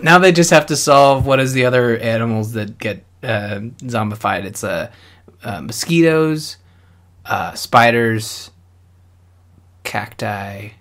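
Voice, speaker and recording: A man's voice: mid-range voice, lively intonation, takes it slowly, a bit bright. A man from Canada, co-hosting a casual podcast, playful and stumbling over restarts. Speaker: podcast co-host.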